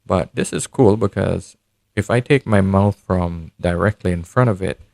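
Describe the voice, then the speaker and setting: A man's voice: low-pitched, moderate pace, gravelly, darkish tone, dry recording. A man giving a casual review to camera, talking chattily to his viewers through a desk condenser mic at home. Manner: chatty, addresses viewers as guys. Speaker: tech reviewer. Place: home setup, not a studio. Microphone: studio condenser mic on desk.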